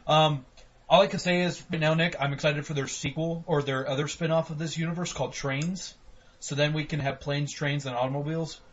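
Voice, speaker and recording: A man's voice: fairly high pitch, fairly even intonation, a little fast. Profane joking man, lo-fi podcast. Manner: profane, joking, acts out quotes in mock voices. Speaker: podcast co-host. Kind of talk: casual chat. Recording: dull lo-fi podcast audio.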